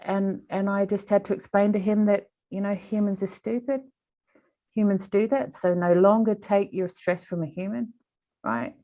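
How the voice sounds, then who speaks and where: A woman, an animal communicator, telling a story in an interview in an animated way, with frequent restarts. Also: medium pitch, normal speed.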